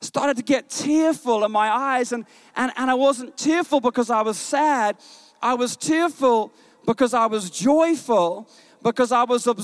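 High-voiced storytelling male preacher. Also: smooth, no echo. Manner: animated storytelling, many repeated words and restarts; rises in pitch and slows when exhorting. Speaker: pastor. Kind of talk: sermon with personal stories. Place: church stage.

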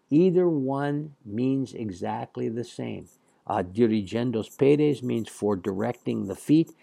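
A man's voice: fairly low pitch, gravelly, dark tone, no echo. A man teaching a Latin lesson, patiently reading and translating passages with some fillers. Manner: slow, patient explaining with fillers.

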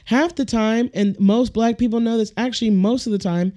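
A woman hosting a solo podcast, talking bluntly and profanely in an animated rant. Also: a little high, normal speed. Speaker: podcast host. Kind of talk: casual solo podcast monologue.

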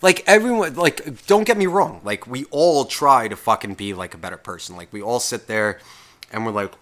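A man's voice: medium pitch, expressive, normal speed, a bit bright. A man hosting a solo podcast, ranting in a casual, rambling way, swearing constantly and cutting himself off mid-sentence. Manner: profane, rambling, self-interrupting. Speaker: podcast host.

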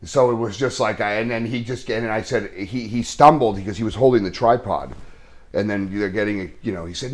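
A man, an actor being interviewed, telling a story in a casual, earnest way, halting often with restarts and fillers. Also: lowish voice.

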